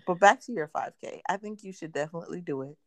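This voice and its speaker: A woman's voice: lowish voice, fast talker, no echo, clean studio sound. A woman in her thirties chatting casually as a podcast co-host, telling stories and acting out quotes. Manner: animated storyteller acting out quotes. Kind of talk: casual chat.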